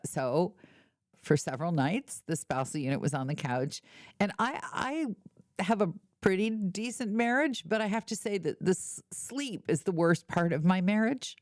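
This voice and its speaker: Woman podcast host, deep voice, dry sound, wry storyteller, mock-indignant humor. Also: a little slow, no room sound. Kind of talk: casual chat.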